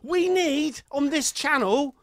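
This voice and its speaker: A man's voice: very high voice, slow, dry recording. Wry man, dry close sound. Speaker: podcast co-host. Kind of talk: casual chat.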